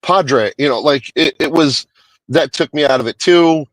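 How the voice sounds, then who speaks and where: A man's voice: a little high, normal speed, a bit bright, dry recording, poor audio. A man reviewing a movie in a casual, rambling way, swearing often and restarting his sentences. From Hispanic American. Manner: rambling, profane, many restarts.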